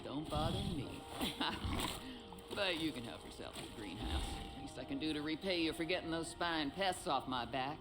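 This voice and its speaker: An actress voicing a blunt, strong-willed female mercenary in a video game, talking in a gruff, bossy, sardonic way. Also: low-pitched, expressive, normal speed, loud music behind the voice, poor audio. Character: tough, blunt woman survivalist mercenary.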